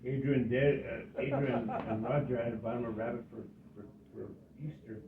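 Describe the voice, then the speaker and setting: A man retelling a family story in a relaxed way. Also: mid-range voice, moderate pace, background noise. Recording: tinny, echoey, far from mic.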